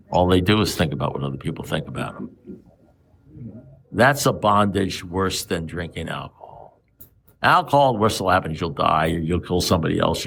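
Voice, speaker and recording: Man, seventies, recovery meeting speaker: gravelly, salty, keeps asking the room questions. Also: on the low side. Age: 70s. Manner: blunt, profane, repeats rhetorical questions.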